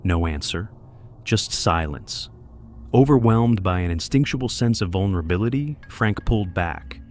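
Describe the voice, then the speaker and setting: A man giving scripted, measured horror narration. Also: sits low, expressive, darkish tone, faint music behind.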